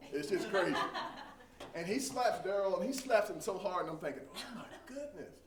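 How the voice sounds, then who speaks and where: Animated middle-aged man telling stories. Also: sits high, a little fast, a crowd in the background. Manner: animated storyteller, acts out quoted voices. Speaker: trainer. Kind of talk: storytelling training talk. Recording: echoey room from a distance, faint hum.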